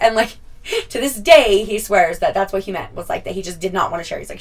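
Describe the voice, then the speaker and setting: A woman's voice: medium pitch, fast talker, recorded from a distance, rough recording. A young woman telling a casual storytime vlog, chatty, swearing freely and laughing often. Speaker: vlogger.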